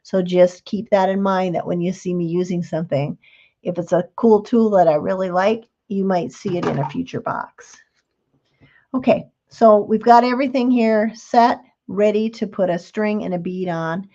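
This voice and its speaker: A woman's voice: medium pitch, moderate pace, warm tone, lo-fi sound. A middle-aged woman hosting a live craft demonstration, chatting in a homey, explanatory way. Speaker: craft show host.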